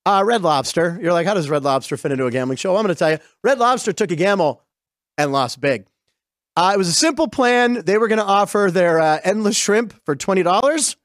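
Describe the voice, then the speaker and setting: A middle-aged western Pennsylvania man hosts a sports show, narrating stories over game clips in a chatty, digressive, excited way. His voice is high, and the studio-quality sound has no room sound.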